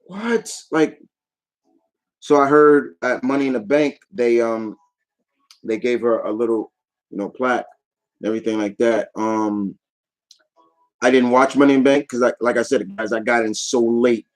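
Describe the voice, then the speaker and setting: A man's voice: medium pitch, fairly even intonation, normal speed, low-quality recording. Rambling, enthusiastic man vlogging casually. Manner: rambling and enthusiastic, often trailing off. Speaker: YouTube vlogger. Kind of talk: casual chat recap.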